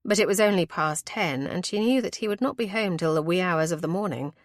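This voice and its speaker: A woman narrating a historical romance audiobook in a measured, dramatic way. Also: lowish voice, lively intonation, dry recording, studio quality.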